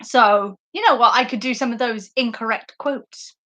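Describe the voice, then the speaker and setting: Speaking into a basic makeshift mic, a young woman runs a podcast live stream, chatting with rambling enthusiasm and plenty of fillers. Her voice is on the high side, bright and forceful, at a normal speed.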